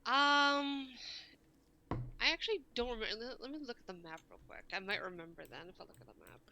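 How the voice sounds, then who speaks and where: A woman chats easily as a guest on a live stream. Her keyboard clicks clearly behind her voice. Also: a little high, expressive, a little fast, pushed and bright, slight background noise. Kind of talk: casual chat. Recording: keyboard typing clearly audible. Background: computer keyboard clicks.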